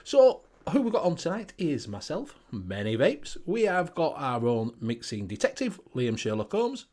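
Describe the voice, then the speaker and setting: Male host, high-ish lively voice, swears and laughs a lot. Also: moderate pace. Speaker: show host. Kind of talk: casual livestream chat.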